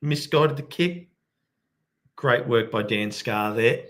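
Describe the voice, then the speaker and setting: Man, fan commentator, excitable, hushed late-night play-by-play, mid-pitched voice. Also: slow pace. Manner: excitable, bursts into loud cheering; kept quiet since it is night at home. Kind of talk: live match commentary for viewers.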